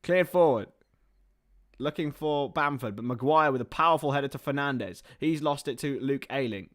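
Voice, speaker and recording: Play-by-play commentary mixes with rambling chat as a young man hosts a live football watchalong, perking up with excitement on chances. He talks at a normal speed with a medium-pitched voice.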